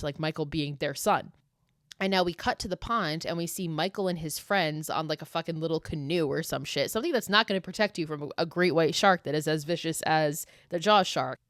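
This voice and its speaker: A woman in her late twenties from the US East Coast hosting a solo podcast, telling stories in an emphatic, profane, animated way. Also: deep voice, dry recording, clean studio sound. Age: late 20s. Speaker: podcast host. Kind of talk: casual solo podcast monologue.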